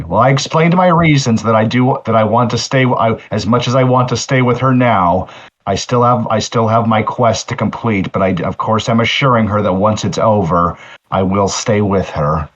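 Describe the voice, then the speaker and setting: Male player, low earnest voice, halting in-character speech, dull lo-fi sound. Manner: earnest, halting, with many restarts. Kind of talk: in-character tabletop role-play.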